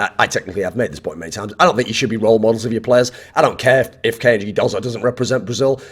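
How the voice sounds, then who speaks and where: A man's voice: mid-range voice, husky. A man delivering a blunt, profane opinion rant as an esports commentator.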